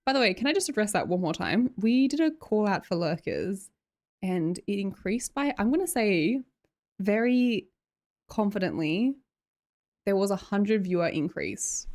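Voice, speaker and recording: A woman's voice: medium pitch, animated, normal speed, darkish tone. A young Australian woman live streamer chatting casually and giggling as she reads her chat aloud into a desk mic. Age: young adult.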